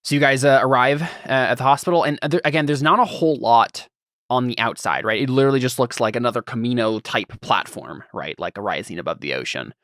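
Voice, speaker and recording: A man's voice: medium pitch, fast talker, fairly bright tone, no room sound, clean studio sound. A man narrating as game master for a tabletop game, rambling and searching for words as he describes the scene.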